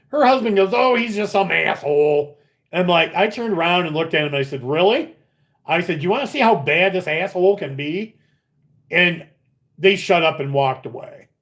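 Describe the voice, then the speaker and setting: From the upstairs area of a casino, a middle-aged man hosts a slot channel live stream. He chats casually and tells stories in an animated way, swearing a lot, in a fairly high-pitched voice.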